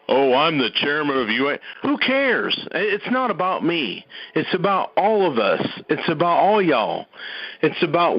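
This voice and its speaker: A man's voice: a little high, breathy edge, no room sound. Emphatic man on a call. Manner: folksy and emphatic, with Southern "y'all" and frequent restarts. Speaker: caller speaking on a conference call. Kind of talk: impassioned speech on a call. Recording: dull, muffled phone-call audio.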